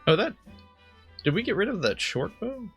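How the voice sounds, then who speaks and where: A man's voice: sits high, sing-song, moderate pace, a bit bright, soft background music. A man casually commenting while playing a game, rambling and correcting himself as he thinks aloud. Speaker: let's play host.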